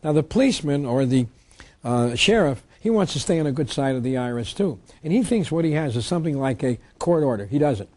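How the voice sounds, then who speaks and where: A man delivers a public lecture with steady emphasis, reading statutes aloud and then driving home his points. His voice sits fairly high for a man. It has a mellow, warm tone. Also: fast. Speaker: lecturer on tax law.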